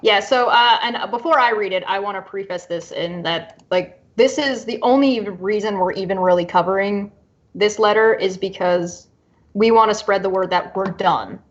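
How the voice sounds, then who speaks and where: A woman's voice: mid-range voice, normal speed, highs cut off. A woman co-hosting a casual chat show who laughs often and talks emphatically, also reading a letter aloud. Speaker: co-host.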